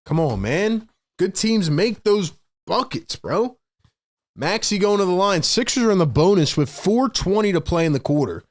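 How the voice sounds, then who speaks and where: A man hosting a fan livestream, calling play-by-play in excitable, frustrated, slangy talk. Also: high-pitched, normal speed, dry recording, studio quality. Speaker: host and play-by-play commentator.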